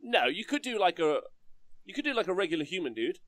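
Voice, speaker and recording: Fast-talking and high-voiced, a man co-hosts a laid-back hobby podcast, full of jokes, laughter, and animated energy. The recording is dry.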